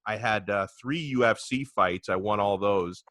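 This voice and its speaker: A man's voice: on the low side, moderate pace, a bit bright, no echo. A man hosting a sports talk podcast, chatting casually about football with lots of filler words. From South Florida.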